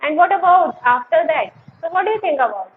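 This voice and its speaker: High-voiced woman on a tinny call. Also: expressive, fairly quick. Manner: frequent "mm-hmm" backchannels, earnest questions. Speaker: interviewer, English trainer. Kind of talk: casual interview. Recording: tinny phone-like call with faint noise.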